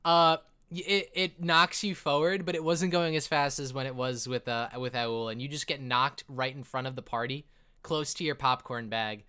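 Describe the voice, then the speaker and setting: A man narrating a tabletop game as game master, lively and loose, laughing often. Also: medium pitch, normal speed, smooth.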